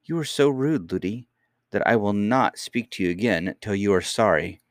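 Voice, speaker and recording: A man voicing a young princess who speaks quietly and firmly in an audiobook reading. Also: fairly low pitch, animated, normal speed, no room sound, studio quality, lightly acted. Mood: calm, firm. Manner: quiet, dignified, stubbornly composed. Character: young girl princess, calm and firm.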